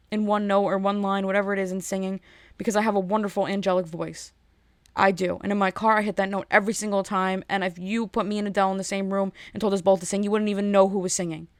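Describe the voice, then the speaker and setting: Woman podcast host on a solo rant, animated, repeats herself, mid-range voice, dry close sound. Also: mid-range voice, quick pace, no room sound. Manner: animated ranting, restarts and repeats words.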